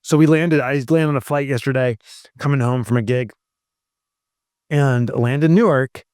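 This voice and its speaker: A middle-aged man from New Jersey co-hosting a podcast, chatting casually and telling animated stories. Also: medium pitch, normal speed, clear, resonant tone, no echo, studio quality. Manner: animated storyteller, mimics other people's voices. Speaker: podcast co-host. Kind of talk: casual chat.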